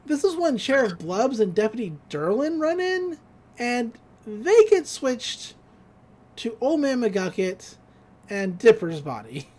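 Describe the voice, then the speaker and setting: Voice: medium pitch, big pitch swings, unhurried, darkish tone. A podcast co-host casually recapping a cartoon episode, acting out the characters' lines and laughing along the way.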